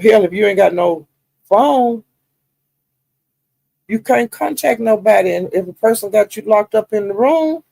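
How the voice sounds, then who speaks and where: A man with a gravelly, slightly raised voice tells gossip on a livestream. He chats loosely, laughs often and acts out the quotes. His voice sits close and dry on the mic, with no room sound. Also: sits high, dry recording, low-quality recording. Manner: animated, laughing storyteller who acts out quotes. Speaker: livestream commentator. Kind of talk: casual gossip commentary.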